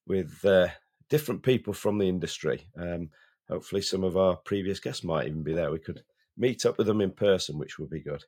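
A man's voice: sits low, darkish tone, slightly rough. A man, co-hosting a podcast while he has a cold, chatting and often repeating words as he starts a sentence. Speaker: podcast co-host. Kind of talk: casual chat.

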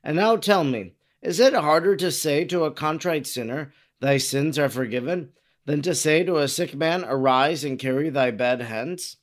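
A man reading the lines of an earnest male healer who rebukes his critics in slow, solemn questions. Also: a little high, lightly acted. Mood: commanding. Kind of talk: dramatic reading of dialogue.

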